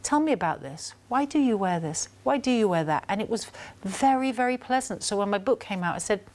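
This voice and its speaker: A woman from Liverpool with a Scouse accent, an author guest telling lively stories in a casual interview and slowing down on emotional points. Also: medium pitch. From Liverpool, England. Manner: animated storyteller, slows down on emotional points.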